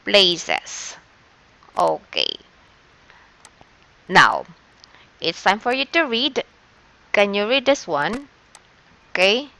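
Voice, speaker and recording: A woman's voice: mid-range voice, big pitch swings, extremely slow, pauses often, sharp tone. A woman teacher with a Filipino accent, patiently leading an online shorthand lesson step by step and checking in with "okay" often.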